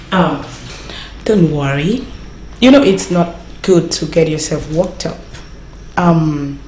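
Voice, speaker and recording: A woman's voice: deep voice, darkish tone, slight background noise. An actress with a Nigerian accent playing a guarded woman near the king in a film. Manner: hesitant, then scornful. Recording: echoey room, faint ambience.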